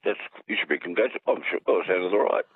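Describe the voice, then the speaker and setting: A man's voice: low-pitched, fast talker, a little hiss or hum. An Australian man calling in to a radio show, rambling and joking. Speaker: caller. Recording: tinny phone line.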